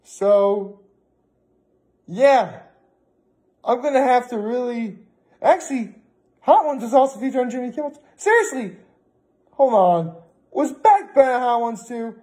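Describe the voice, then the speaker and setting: A man's voice: very high-pitched, lively intonation, unhurried, long pauses, dark tone. A young man vlogging in a casual, rambling way, often breaking off mid-thought and talking himself through it. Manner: rambling, chatty, self-interrupting. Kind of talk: casual vlog chat.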